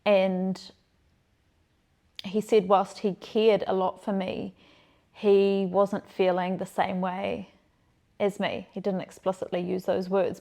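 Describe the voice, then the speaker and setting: A woman's voice: medium pitch, vocal fry, a little mellow. A woman hosting a podcast, telling personal stories in a frank, playful way and laughing easily. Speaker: podcast host, sexologist. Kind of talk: candid chatty storytelling.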